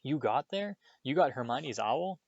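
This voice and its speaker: A man's voice: animated, unhurried, dry recording, highs cut off. A man voicing a brave, frantic young boy wizard in urgent, raised outbursts, in a storybook reading. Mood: earnest. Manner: urgent, high-pitched outbursts.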